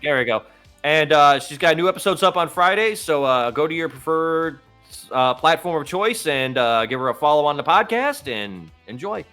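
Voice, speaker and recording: A man's voice: a little high, animated, normal speed, bright, forceful tone, faint music behind. A man co-hosting a casual talk podcast, rambling and laughing, with lots of fillers. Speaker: podcast co-host. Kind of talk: casual chat.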